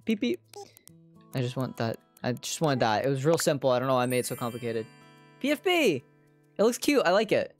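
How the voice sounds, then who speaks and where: A woman streamer casually narrating her own moves in a video game, chatty and self-deprecating, now and then breaking into loud squealing yells. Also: extremely low pitch, very animated, brisk, faint music behind. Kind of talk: casual livestream gameplay commentary.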